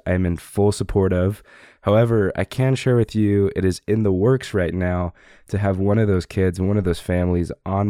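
A young man hosts a podcast while sick, his voice deep, dark and strained. He talks casually and encouragingly, filling pauses with uh and you know. The recording is dry and close. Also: no echo. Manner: upbeat, encouraging, with frequent fillers. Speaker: podcast host. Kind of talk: casual solo podcast talk.

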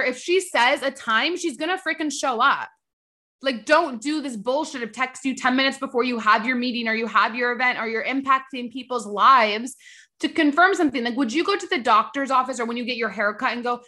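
A woman's voice: on the high side, brisk, sharp tone. A young adult woman hosting a podcast, telling a personal story in a chatty, emphatic way, swearing freely and ranting when irritated. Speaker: podcast host. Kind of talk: casual storytelling monologue.

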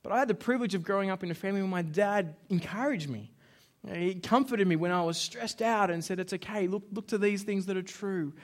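This pastor has a high-sitting voice and talks fast. He preaches a sermon built on stories, animatedly playing out the dialogue and shouting some of the lines.

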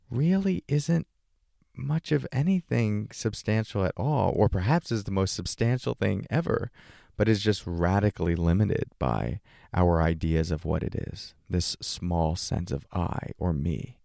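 Gravelly low-voiced man teaching meditation. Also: a little slow, no room sound, studio quality. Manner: questioning, talks back and forth with an imagined listener; relaxed and casual, light laughs. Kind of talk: reflective spiritual talk.

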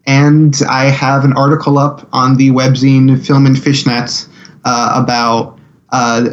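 A man's voice: mid-range voice, dull audio. A man who is a guest on a podcast, telling stories in a rambling way with lots of fillers. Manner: rambling, filler-heavy storytelling. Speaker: guest filmmaker. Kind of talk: casual podcast chat.

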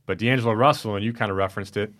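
A man discussing basketball in a measured way and asking his co-host questions. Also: on the low side, a bit bright. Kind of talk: casual sports discussion.

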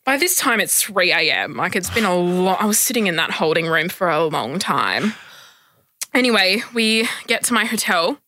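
A young adult woman telling a story on a podcast, animated and laughing often, acting out the people she quotes. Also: on the low side, moderate pace, no echo, clean studio sound. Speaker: guest storyteller.

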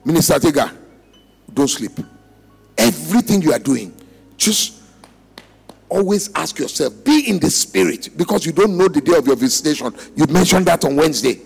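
Pastor swinging from shouts to whispers. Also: male voice, on the high side, animated, moderate pace, creaky, pauses often, slightly rough, faint music behind. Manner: swings between shouting and near-whispers, call and response. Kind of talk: sermon. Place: church worship service.

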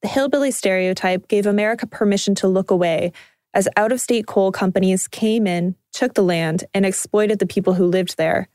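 A woman with a Canadian accent, calmly telling a personal documentary story in scripted narration. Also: mid-range voice, moderate pace, dry recording. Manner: calm, reflective storytelling.

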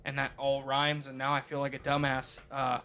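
A man's voice: mid-range voice, completely flat delivery, moderate pace, pushed and bright, clean tone. A man co-hosting a podcast, rambling and swearing through casual chat with frequent laughter. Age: adult, has a wife. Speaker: podcast co-host.

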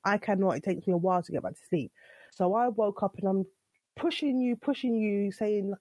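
A woman's voice: medium pitch, brisk, dark tone, no echo. A young adult woman telling her side of a story in a casual, exasperated way, acting out what was said. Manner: exasperated, retelling with quoted dialogue.

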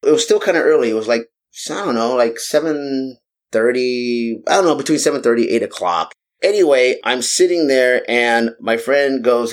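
A man's voice: mid-range voice, a little slow. Rambling man telling a story. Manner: rambling, animated storytelling with many fillers. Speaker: podcast co-host. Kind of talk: casual chat.

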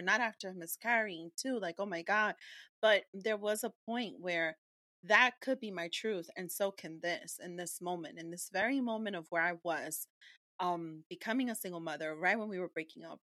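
Bright, forceful woman host. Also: fairly low pitch, no echo, clean studio sound. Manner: expressive, says "right?" a lot. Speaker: podcast host. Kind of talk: casual podcast chat.

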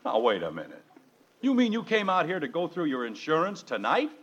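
A man's voice: on the high side, wildly swooping pitch, fairly quick, a bit bright, husky, muffled recording, full character voice. An actor playing a harried family father in a 1950s radio comedy, emphatic and exasperated. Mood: incredulous. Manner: exasperated, emphatic, bursts into giddy laughter. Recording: old radio broadcast with faint hiss.

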